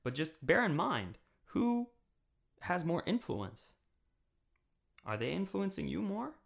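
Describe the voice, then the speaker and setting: A man's voice: sits high, big pitch swings, takes it slowly, vocal fry. A man preaching a video sermon in a conversational way, often checking in with "okay?" and building to impassioned emphasis. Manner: frequent checking "okay?" with listeners. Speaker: pastor. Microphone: camera mic.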